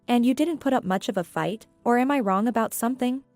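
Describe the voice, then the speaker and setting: A woman voicing a cold, smug male company boss who talks in a coolly taunting, measured way. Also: on the high side, a little mellow, no room sound, faint music behind, lightly acted. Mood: mocking.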